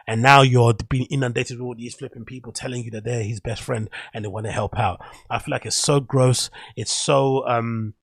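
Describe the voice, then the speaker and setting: A man's voice: mid-range voice, gravelly, slightly rough, no room sound. A man hosting a podcast, rambling through casual, opinionated commentary and reading an article aloud with stumbles and self-corrections. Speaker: podcast host.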